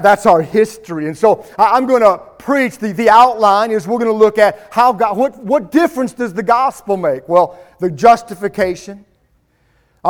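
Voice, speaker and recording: Slow, high-voiced preaching man. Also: smooth. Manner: preaches with rising emphasis, reads scripture aloud. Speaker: pastor. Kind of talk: sermon. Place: church.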